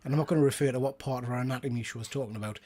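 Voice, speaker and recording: A man's voice: mid-range voice, fairly even intonation, rapid-fire, darkish tone. A man with a Geordie accent hosting a casual live-stream chat, greeting viewers by name and laughing often. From Northeast England. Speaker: host.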